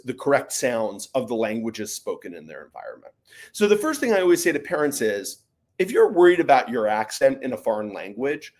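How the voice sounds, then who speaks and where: Lively-voiced man answering parent questions. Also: mid-range voice. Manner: conversational, with frequent fillers and "right?" tags. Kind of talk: live Q&A, casual explaining.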